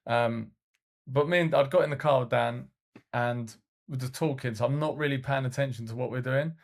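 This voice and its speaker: A man's voice: medium pitch, fairly quick. A man co-hosting a casual podcast, telling coaching stories in a rambling way full of fillers and restarts. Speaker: podcast co-host and youth football coach.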